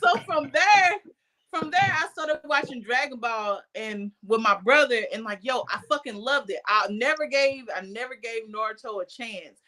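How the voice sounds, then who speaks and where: A woman co-hosting a podcast, telling stories in casual chat with heavy swearing and loud outbursts. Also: fairly high pitch, normal speed. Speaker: podcast co-host.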